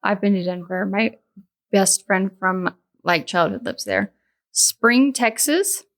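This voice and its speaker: A woman's voice: medium pitch, slow pace, a bit bright. A woman co-hosting a podcast, chatting playfully and reading from her notes. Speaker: podcast co-host. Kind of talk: casual chat.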